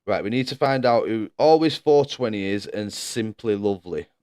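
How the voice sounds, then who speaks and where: A man's voice: lowish voice, lively intonation, normal speed, darkish tone, clean tone, no room sound, clean studio sound. A man commentating a sim racing league live stream, chatting casually, laughing often and reading out viewers' messages.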